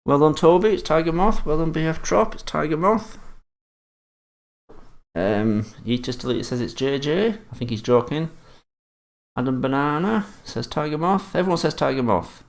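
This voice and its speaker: Gravelly man hosting a live quiz. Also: a little high, lively intonation, moderate pace. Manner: swears often and teases the chat. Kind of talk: live-stream chat reading.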